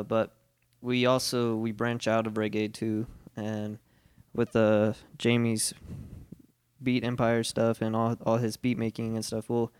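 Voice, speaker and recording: A man's voice: fairly low pitch, a little mellow, clean tone, no room sound, clean studio sound. A man from a reggae band chatting as a podcast guest, laid-back and rambling, swearing now and then. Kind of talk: casual chat.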